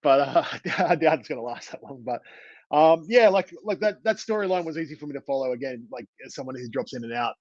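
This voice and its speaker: A man's voice: medium pitch, animated, fast, a little mellow, no room sound, dull audio. Rambling male podcast co-host. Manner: rambling, many fillers and restarts. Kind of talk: casual chat.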